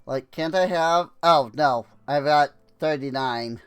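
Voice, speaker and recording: A young man chatting his way through a game stream, slow and unhurried, with a smooth, clear voice that sits a little high. He rambles with lots of fillers and laughs often, and his throat sounds a bit dry. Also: a bit bright, faint music behind. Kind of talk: casual gameplay commentary.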